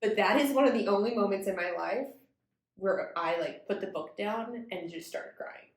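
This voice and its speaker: A woman's voice: mid-range voice, moderate pace, echoey room. A young woman co-hosting a podcast, gushing about a book in casual chat and saying "like" a lot. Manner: gushing, heavy use of "like" and "literally". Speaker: podcast co-host.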